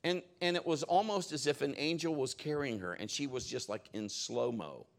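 A male pastor preaching at a church service, with a medium-pitched voice. He tells animated stories, laughs and exclaims, and his pitch swings wide through every line. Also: moderate pace, gravelly. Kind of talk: sermon.

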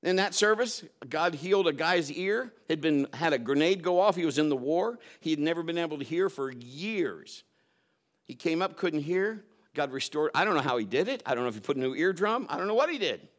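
A man with a fairly high voice preaches a sermon. He tells stories and swings between loud, emphatic bursts and quiet, low asides. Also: animated, brisk.

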